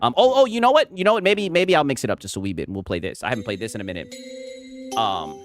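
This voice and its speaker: A man's voice: medium pitch, lively intonation, fast. A man streaming casual commentary, rambling and mocking, tagging lines with "right?". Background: music playing.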